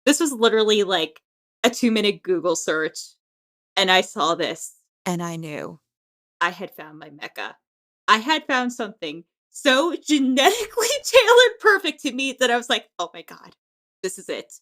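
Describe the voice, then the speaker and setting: A woman co-hosting a podcast in casual chat, animated and giggly. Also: fairly high pitch, moderate pace. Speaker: podcast co-host.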